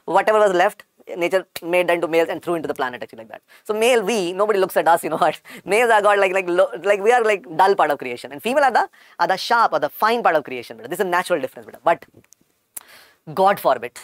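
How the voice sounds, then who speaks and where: A man with an Indian accent and a croaky voice, teaching an online medical lecture and repeating key points to his students. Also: high-pitched, no echo, studio quality. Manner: repetitive, calls students "beta".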